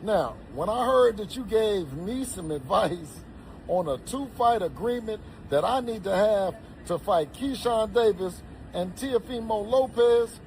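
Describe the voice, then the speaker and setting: Male boxer, sarcastic and pointed, high-pitched, light background noise. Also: lively intonation, a little slow, vocal fry, darkish tone, poor audio.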